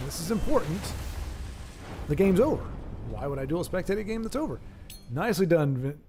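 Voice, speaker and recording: A man's voice: a little high, animated, a little fast, dark tone, faint music behind. A man giving casual, self-deprecating live-stream commentary on a card game match. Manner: rambling, self-deprecating, joking. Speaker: streamer and caster.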